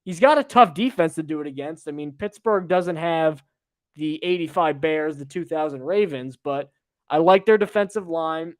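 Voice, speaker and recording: A man's voice: fairly high pitch, moderate pace, no room sound. A young man hosting a podcast, giving opinionated, emphatic sports analysis with frequent fillers, close to the mic. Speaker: podcast host.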